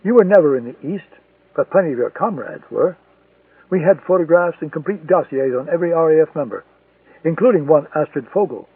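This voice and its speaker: A man's voice: a little high, animated, brisk, husky, no room sound, exaggerated voice. A man reading an audiobook voices a brutal male East German secret police handler interrogating harshly. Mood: cold accusing. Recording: tinny, distant, dry lo-fi recording.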